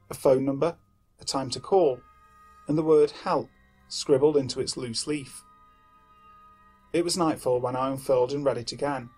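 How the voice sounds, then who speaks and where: A man narrating a horror story in a measured, somber way. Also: mid-range voice, breathy edge.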